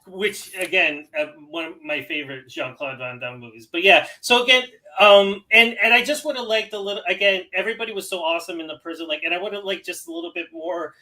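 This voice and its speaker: A man co-hosting a casual movie podcast talks in a bright, slightly high voice. He rambles with restarts and laughs often as he reviews a film. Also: fast talker, hardly any pauses, rough recording. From New Hampshire. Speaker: podcast co-host.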